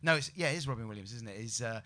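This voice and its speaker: English man, bright tone, casual anecdote teller. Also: medium pitch, lively intonation, racing. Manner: self-mocking storytelling, slips into loud shouted voices. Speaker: comedian and podcast guest. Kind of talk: casual chat.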